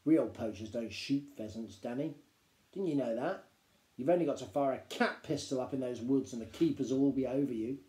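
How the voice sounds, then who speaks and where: A man voicing a mischievous, lively father who tells stories in an animated, conspiratorial way, reading a storybook aloud. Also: mid-range voice, a little fast, echoey room, natural voice. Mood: scornful.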